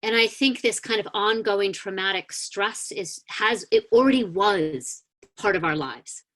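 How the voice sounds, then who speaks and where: A woman minister giving a sermon over a video call, gently guiding a grounding meditation with calm, inviting words and a few soft hesitations. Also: mid-range voice, unhurried. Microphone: video call mic.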